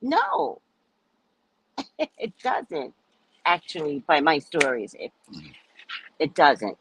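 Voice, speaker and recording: A woman host telling her viewers a story in a casual, animated way, cursing freely and acting out what people said. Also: deep voice, drawn-out words, husky, poor audio. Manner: animated, profane, acts out quoted people. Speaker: psychic reader and host.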